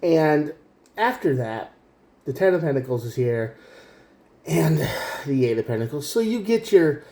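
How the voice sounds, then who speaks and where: A man's voice: on the high side, animated, unhurried, long pauses, warm tone, roomy sound. Earnest man giving a tarot reading. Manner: earnest, direct, repeats himself, mimics quoted voices. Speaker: tarot reader. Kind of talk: casual spoken tarot reading.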